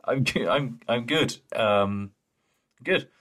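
A man's voice: medium pitch, slow pace, a bit bright. A man co-hosting a fan podcast in casual chat, joking and swearing, reading listener emails aloud. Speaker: podcast co-host.

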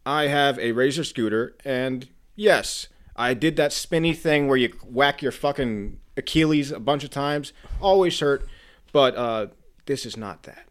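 A young man co-hosts a casual podcast, spinning a story with lots of swearing. His delivery is animated, with a mid-range pitch. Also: measured pace, smooth. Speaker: podcast co-host. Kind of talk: casual chat.

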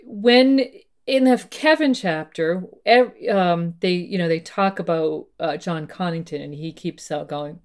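A woman's voice: on the low side, unhurried. A woman co-hosting a podcast, talking through fantasy book lore in a thoughtful, meandering way with many fillers and restarts. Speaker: podcast co-host. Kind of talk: casual discussion of fantasy lore.

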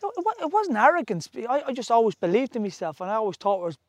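An Irish man in his forties, once a footballer, rambles through stories in casual chat, restarting often and drifting into asides. His voice is very high and sing-song, racing along, and the recording is dry.

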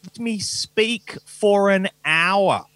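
A man's voice: high-pitched, extremely slow, a bit bright, no room sound. A man, doing a self-mocking stand-up comedy set with a dry delivery. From Australia.

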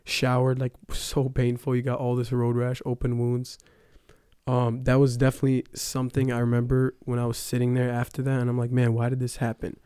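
Young man telling a testimony, mellow, smooth. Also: mid-range voice, monotone, a little fast, dry recording, studio quality. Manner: casual storytelling with many fillers. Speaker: testimony speaker. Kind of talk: personal testimony.

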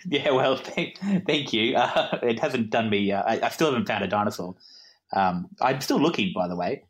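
Aussie bloke guest on a podcast, young, keeps laughing at himself, wanders off on tangents. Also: male voice, medium pitch, lively intonation, normal speed. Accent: Australian. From Queensland, Australia. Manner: self-deprecating, laughs often, rambling asides. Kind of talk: casual conversational storytelling.

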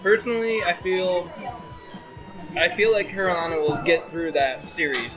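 Blunt, wisecracking podcast co-host. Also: male voice, high-pitched, fairly even intonation, moderate pace, over music, low-quality recording. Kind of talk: casual chat.

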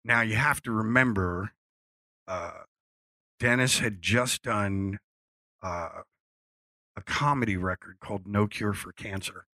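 Man from Philly, bright dry voice, lively anecdote teller who acts out dialogue. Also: lowish voice, takes it slowly, pauses often, no echo. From Philadelphia. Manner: animated storyteller acting out quotes, swears freely. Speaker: guest telling a story. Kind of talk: casual anecdote.

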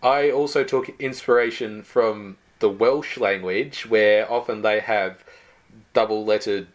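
A man co-hosting a podcast, explaining things in a measured way with small stammers. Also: on the low side, fairly even intonation. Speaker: podcast co-host. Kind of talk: casual chat.

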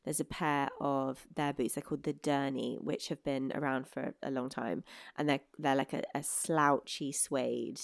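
Low-voiced woman telling stories. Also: unhurried, gravelly, no room sound, studio quality. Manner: animated storyteller, quotes others. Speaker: podcast co-host. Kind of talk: casual fashion chat.

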